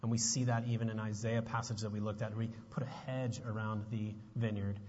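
A man preaching a sermon as a pastor, moving between relaxed chat and pointed, emphatic questions. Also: lowish voice, fairly quick. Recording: muffled sound with long reverb.

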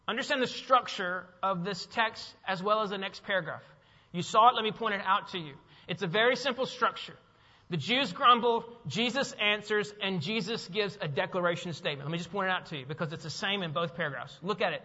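A man preaching with a high, bright voice, emphatic and full of questions to his listeners. His words carry a long reverb in a large hall, and the sound is slightly dull. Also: fairly quick. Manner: emphatic, repeats key phrases, asks the congregation questions. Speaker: pastor. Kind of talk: sermon.

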